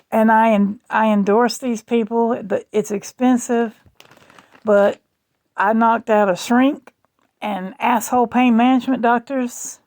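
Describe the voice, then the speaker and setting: A woman vlogging at home in rambling, chatty talk with a gravelly fry. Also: mid-range voice, darkish tone, dry recording. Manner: rambling, chatty, slow and drawling. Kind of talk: casual chat.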